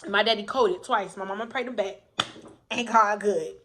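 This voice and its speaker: A woman's voice: medium pitch, fairly even intonation, moderate pace, noisy background. A woman candidly telling a personal story to camera in a casual, emphatic way, often repeating herself for weight. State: coughing. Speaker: vlogger telling her own story.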